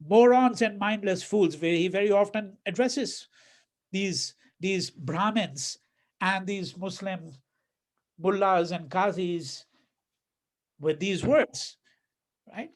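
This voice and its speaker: High-voiced man giving a lecture. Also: unhurried. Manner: conversational, checks in with "right?", repeats words; reads quoted verses in a mocking voice. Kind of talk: university lecture.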